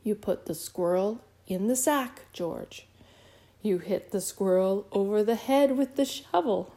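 Woman playing a blunt, commanding storybook mom; slow, deliberate, mellow-toned. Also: medium pitch, natural voice. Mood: emphatic. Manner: slow, emphatic, spelling things out. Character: stern, exasperated mother, blunt and commanding.

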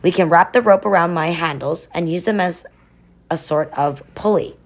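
A woman's voice: lowish voice, moderate pace. A woman voicing an upbeat, resourceful young girl in a storybook reading, confident and breezy.

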